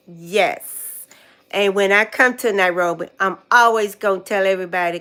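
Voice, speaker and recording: A woman's voice: medium pitch, normal speed, pushed and bright, clean tone. An older American woman chatting casually on a livestream. She repeats words to herself while she tries to remember them. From United States. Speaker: vlogger.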